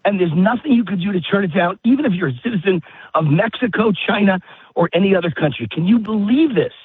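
A man's voice: high-pitched, animated, fast, breathy edge, no echo. A man walking his dog while calling in, out of breath, ranting emphatically and repeating himself. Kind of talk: political talk radio rant. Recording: tinny phone-line audio.

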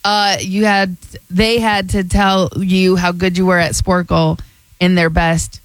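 High voiced guy on radio banter, short coy replies, dry studio sound. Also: little pitch movement, measured pace, a bit bright, clean tone, no room sound, low-quality recording. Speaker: radio show trivia game host. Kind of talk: casual on-air banter.

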